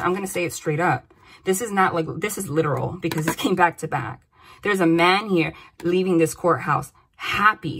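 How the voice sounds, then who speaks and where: A woman giving a casual tarot reading to camera, animated and excitable, often exclaiming and repeating herself. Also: lowish voice, a little hiss or hum. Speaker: tarot reader.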